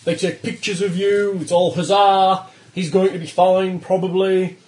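Guy running a tabletop game, kinda high voice, roomy echo. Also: flat delivery, a little slow, darkish tone, slight background noise. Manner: laughs often, reads rules aloud. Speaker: game master.

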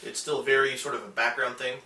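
A man narrating a tabletop game as game master, describing scenes slowly with many pauses and fillers. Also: medium pitch, flat delivery, a crowd in the background. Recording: echoey room, far from mic.

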